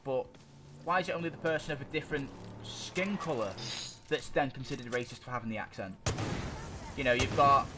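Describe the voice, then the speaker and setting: A man's voice: mid-range voice, brisk. A man co-hosting a casual podcast, arguing his opinions in a rambling way and often stopping to search for words. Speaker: podcast co-host. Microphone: desk microphone. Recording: noisy amateur podcast recording.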